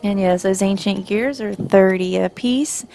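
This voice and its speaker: A woman's voice: mid-range voice, a little slow, gravelly, over music. A woman from Georgia with a Southern accent, chatting casually through gameplay commentary, rambling and correcting herself as she goes. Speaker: gaming channel host.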